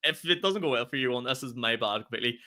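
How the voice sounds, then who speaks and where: A young man, co-hosting a podcast and telling stories in animated, laughing casual chat. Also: mid-range voice, noisy background. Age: young adult. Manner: fast, animated storytelling with laughter. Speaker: podcast co-host and stand-up comedian.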